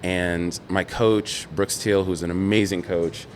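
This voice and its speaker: A man with a very low, deep voice tells stories in a relaxed interview. He brings the story to life by voicing the other people in it. A faint rumble sits under the recording. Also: a little slow. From New York. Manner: animated storyteller, quotes others in dialogue, laughs often. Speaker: podcast guest, former Olympic swimmer.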